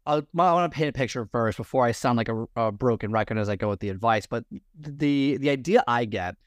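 A man's voice: medium pitch, a little fast, no echo, studio quality. A man, a fitness mentor, giving advice in a podcast talk, rambling with many restarts. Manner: rambling, repeats himself, restarts sentences. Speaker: guest, fitness and lifestyle mentor. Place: room full of personal stuff.

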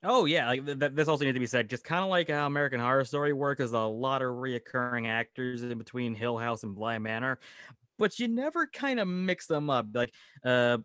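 A man with a bright, forceful tone talks through a TV series in loose casual chat, and his pitch leaps up whenever he gets excited. The sound is dry and close, with no room around it. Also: fairly quick, smooth, no room sound. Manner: animated, jumping pitch when excited.

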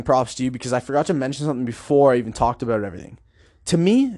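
A man's voice: mid-range voice, darkish tone, no echo, clean studio sound. Enthusiastic man rambling about a film. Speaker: video reviewer. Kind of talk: casual film commentary.

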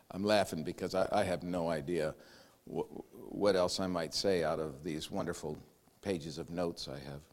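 A middle-aged man preaching a sermon, acting out voices and quotes, shifting from loud commands to near whispers. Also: low-pitched, measured pace, a little hiss or hum. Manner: animated preaching, acts out quotes, growls and laughs. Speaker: pastor.

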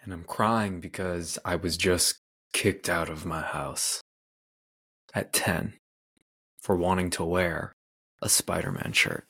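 Male podcast host from Canada, lower voice, earnest confessional storyteller. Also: fairly even intonation, slow pace, gravelly, pauses often, pushed and bright, husky. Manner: earnest, candid, loose with "like" fillers. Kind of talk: personal storytelling monologue.

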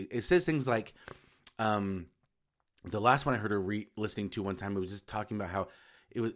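A man hosting his own podcast, talking casually and rambling a little as he restarts and corrects himself. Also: on the low side. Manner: rambling, self-correcting, informal. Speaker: podcast host. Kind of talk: casual solo podcast talk.

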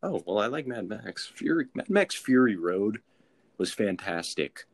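A playful, enthusiastic man chatting casually with a friend and laughing easily. His voice sits on the low side. The mic is close and the sound is dry. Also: big pitch swings, a little slow, vocal fry, no echo. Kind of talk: casual chat.

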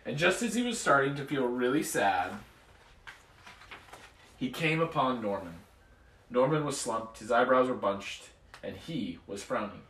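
A father reads a bedtime story aloud in a bedroom, expressive and relaxed. His voice is bright with a lively, wide-ranging pitch. The sound is echoey and picked up from a distance. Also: a little slow, long pauses. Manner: expressive reading aloud, relaxed chat with kids. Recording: echoey room, far from mic.

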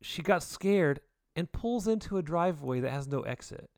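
A man in his forties co-hosting a podcast, telling a story in casual, excitable chat. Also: normal speed, no room sound, clean studio sound. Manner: excitable storyteller, jumps pitch for quoted voices. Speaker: podcast co-host.

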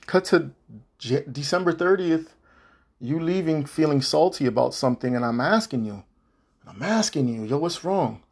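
A man's voice: a little high, expressive, moderate pace, gravelly, slightly rough. A man hosting a podcast, delivering a heated, profane, repetitive monologue addressed to an ex-partner. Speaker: podcast host.

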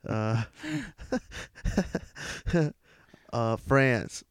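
A man's voice: mid-range voice, very slow, smooth, dry recording, studio quality. A man co-hosting a casual comedy podcast, telling rambling, jokey stories.

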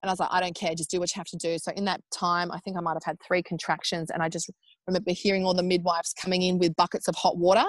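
An Australian woman in her thirties, a podcast guest telling a personal story in a casual, animated way, acting out what people said. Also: on the low side, quick pace, no room sound. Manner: animated, acts out quoted speech in raised voices; chatty with frequent fillers like "like" and "um".

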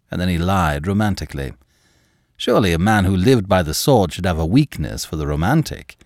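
Deep-voiced male storyteller, dry and close. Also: no room sound. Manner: measured, expressive storytelling. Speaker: narrator. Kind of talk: scripted narration of a classic novel.

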